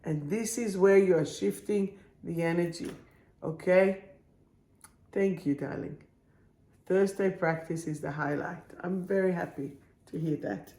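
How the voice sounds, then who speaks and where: Lady spiritual coach reading cards on a live stream, slow soothing talk, echoey room. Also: lowish voice, mellow. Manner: slow, soothing, affirming delivery.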